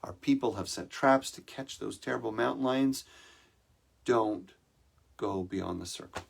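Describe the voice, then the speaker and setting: A man's voice: lowish voice, a little slow, creaky, slight background noise. A man voicing a stern, protective father warning his daughter.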